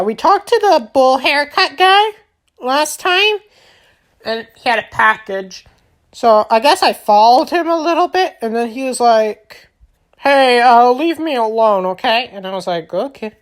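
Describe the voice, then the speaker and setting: A woman's voice: high voice, animated, a little slow, fairly bright tone. A woman hosting a gaming channel, giving a silly, rambling recap of her game with lots of filler sounds. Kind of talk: playful game recap narration.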